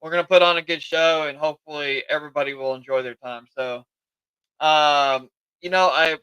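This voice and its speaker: Guy hosting his podcast, kinda high voice, real clear, rambly and excited. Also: normal speed, no room sound, rough recording. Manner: chatty and eager, self-admittedly tired. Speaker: podcast host. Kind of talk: casual live podcast chat.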